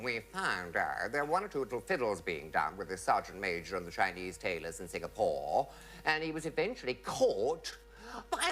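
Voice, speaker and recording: Theatrical storytelling man, lively bright voice. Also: mid-range voice, slight background noise. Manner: theatrical, swooping voices for quoted people. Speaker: comedian telling anecdotes. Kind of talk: stage anecdote before an audience. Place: television studio with audience. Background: audience laughter.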